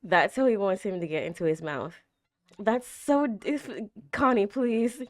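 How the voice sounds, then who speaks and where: A young woman hosting an anime reaction, chatting casually with a tired, slightly raspy throat and bursting into gasps and exclamations. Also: medium pitch, unhurried, no echo, clean studio sound. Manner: animated, gasps and exclaims loudly, chatty with fillers.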